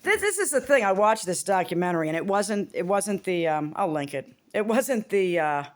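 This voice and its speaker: A woman's voice: medium pitch, sing-song, normal speed. A woman vlogger talking to camera in a rambling, profane, exasperated rant.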